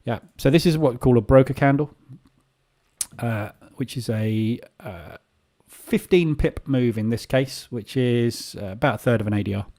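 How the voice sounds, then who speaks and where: A man's voice: medium pitch, moderate pace, mellow. Chatty man, full of ums. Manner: casual, rambling, many filler ums. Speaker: trading room host. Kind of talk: live market commentary.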